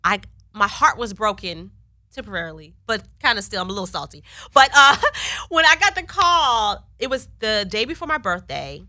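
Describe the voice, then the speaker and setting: A woman's voice: medium pitch, normal speed, no echo, studio quality. A woman being interviewed as a guest actress, chatting casually in an office and laughing often as she tells stories. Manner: laughs often, animated storyteller.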